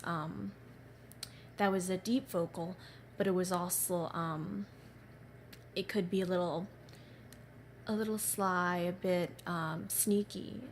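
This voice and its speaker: A woman voice actor recording a casual audition message, polite and hesitant with many pauses and fillers. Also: fairly low pitch, slight background noise.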